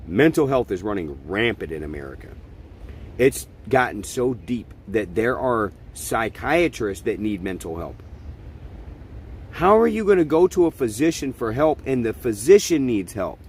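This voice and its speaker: A man's voice: lowish voice, very animated, moderate pace, a little mellow, slight background noise. Blunt, profane middle-aged man ranting. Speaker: podcast host. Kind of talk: opinion monologue.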